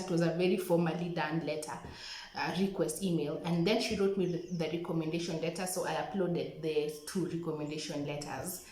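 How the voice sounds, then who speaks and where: A woman's voice: lowish voice, normal speed. Chatty young Kenyan woman, echoey room. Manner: chatty, animated retelling with acted-out quotes, addresses viewers as "guys". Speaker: vlogger telling her scholarship story. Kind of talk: casual storytelling to camera.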